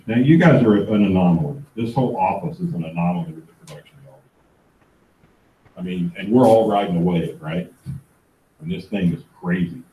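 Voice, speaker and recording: A man's voice: sits low, slight background noise. Middle-aged man telling stories in an echoey room. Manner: animated storyteller who acts out dialogue. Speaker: real estate speaker. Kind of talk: motivational seminar talk. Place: event room. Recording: echoey room, distant mic.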